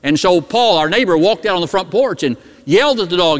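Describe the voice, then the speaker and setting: A middle-aged pastor preaching a sermon and telling a story, dropping his voice low and soft for key words. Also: expressive, a little fast. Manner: storytelling preacher, dramatic drops in pitch and volume. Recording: long hall reverb.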